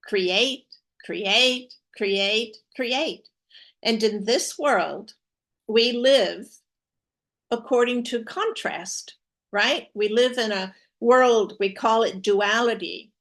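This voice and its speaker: A woman's voice: a little high, takes it slowly. A woman co-hosting a live spiritual talk show, teaching in an earnest way with emphatic repetition. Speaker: co-host.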